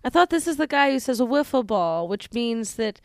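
A woman bickers playfully with her co-host on a comedy podcast and defends her ideas. Her voice sits high and leaps around expressively, recorded close and dry. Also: lively intonation, dry recording. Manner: playful, defensive, quick to laugh. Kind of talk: casual comedy podcast banter.

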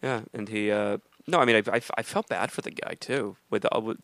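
American man, gravelly, bright and forceful, dry close mic, casual podcast chat. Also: on the low side, a little fast, dry recording. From United States. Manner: chatty, rambling, laughs easily. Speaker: podcast co-host. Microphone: studio mic at a soundboard.

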